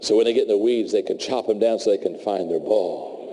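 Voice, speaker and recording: A man giving a humorous talk to a live audience, telling stories in an animated way with playful asides. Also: fairly low pitch, brisk, background noise. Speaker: motivational speaker.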